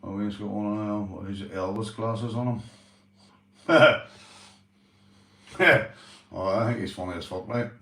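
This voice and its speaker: A man's voice: lowish voice, fairly even intonation, unhurried, pauses often, fairly bright tone. A Northern Irish man in casual vlog chat, rambling and swearing, often saying "you know". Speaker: vlogger, police auditor. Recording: roomy, from a distance.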